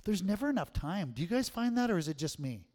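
A man's voice: sits high, fast. Dynamic male pastor preaching. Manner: lively, swings from hushed to loud and emphatic. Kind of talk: sermon. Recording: long hall reverb.

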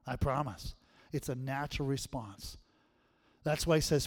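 A middle-aged man preaching a sermon as pastor, swinging from hushed tones to loud, emphatic calls. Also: mid-range voice, normal speed. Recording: long hall reverb.

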